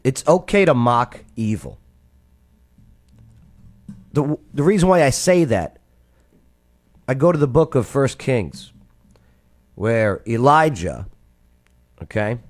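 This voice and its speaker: A man hosting a reaction video, giving animated, conversational commentary. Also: medium pitch, takes it slowly, long pauses.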